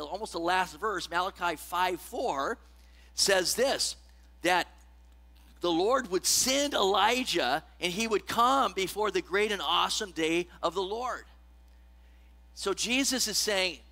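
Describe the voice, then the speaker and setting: A man's voice: high voice, sharp tone. A man preaching a sermon in a conversational way, often checking in with the congregation and reading scripture with rising emphasis. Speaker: pastor.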